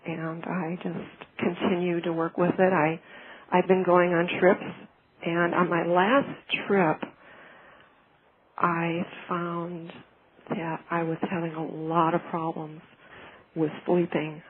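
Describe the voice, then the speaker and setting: A woman's voice: lowish voice, flat delivery. Woman telling her own story, earnest, lots of restarts and uhs, phone-ish thin sound with a bit of hiss. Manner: halting, with frequent restarts and fillers; earnest and heartfelt. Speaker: client giving a testimonial. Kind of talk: personal testimonial, casual telling. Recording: phone-like lo-fi with faint noise.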